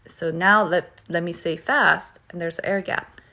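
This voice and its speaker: A woman teaching pronunciation who repeats words slowly and keeps checking in with "okay?". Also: on the low side, fairly even intonation, bright, forceful tone. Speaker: Korean language teacher. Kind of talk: pronunciation lesson.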